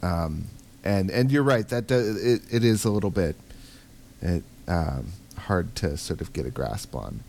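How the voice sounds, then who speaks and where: Male co-host, relaxed game chat, lowish voice, faint hiss in the recording. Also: a little slow, vocal fry. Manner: thinks aloud with frequent ums. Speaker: podcast co-host. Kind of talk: casual chat about a video game.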